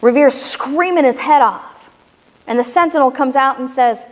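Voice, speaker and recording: A woman's voice: sits high, normal speed. A woman giving an emphatic history lecture at a venue, telling the events as a story to her audience. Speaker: speaker and educator. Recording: echoey hall reverb.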